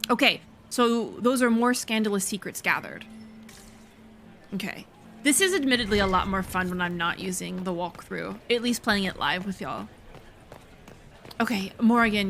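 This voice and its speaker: Woman, gaming host, casual let's play commentary, excitable, quick reactions. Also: mid-range voice.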